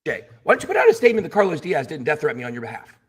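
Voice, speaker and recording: A man's voice: on the high side, very animated, very fast, slightly rough. A man on a livestream talking to his viewers, emotional and insistent, repeating his points again and again. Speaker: streamer.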